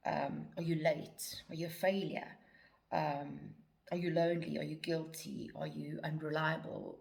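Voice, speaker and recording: A woman's voice: sits low, gravelly. A woman talking casually about shadow work, reading a long list of words aloud with many ums and some words half-whispered. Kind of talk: casual talk to camera about personal growth.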